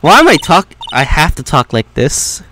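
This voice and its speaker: A man's voice: fairly high pitch, huge pitch swings, normal speed, pushed and bright, a little hiss or hum, exaggerated voice. A man voicing a jittery male circus ventriloquist who stutters heavily on nearly every word. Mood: nervous. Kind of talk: reading game dialogue aloud.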